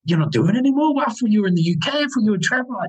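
A man voicing an astonished, excitable male customer who stammers in disbelief. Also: very high voice, moderate pace, pitched above the performer's own voice, heavily acted.

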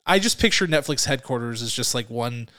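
Man, podcast co-host, rounded clear voice, rambling casual chat. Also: mid-range voice, animated, fairly quick, sharp tone. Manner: rambling, laughs often, searches for words.

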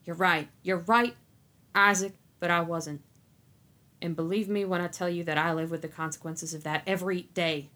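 A woman's voice: lowish voice, steady tone, bright, forceful tone. A woman voicing a stern, guilt-ridden sorcerer. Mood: remorseful. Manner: slow and stern. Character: weary, guilt-ridden male sorcerer, grown man.

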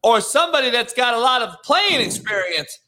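A man's voice: very high-pitched, big pitch swings, brisk, sharp tone. A man co-hosting a casual sports talk show as a coach, giving blunt, profane takes.

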